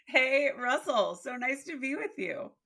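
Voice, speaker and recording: A woman's voice: sits high, unhurried, gravelly. A woman leadership coach telling workplace stories as a podcast guest, acting out the dialogue as she goes. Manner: expressive storyteller, acts out dialogue. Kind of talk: storytelling interview.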